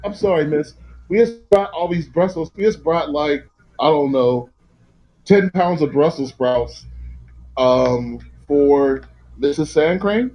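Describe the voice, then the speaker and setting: Man player, bit high, friendly, joking. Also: slow, a little mellow, rough recording. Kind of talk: casual in-character tabletop play.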